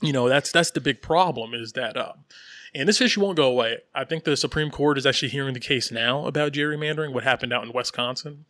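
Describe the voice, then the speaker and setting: A man's voice: medium pitch, quick pace, no room sound, studio quality. A man co-hosting a podcast in casual chat, rambling with lots of fillers and repeats and laughing as he talks. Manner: animated, laughs while talking. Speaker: podcast co-host.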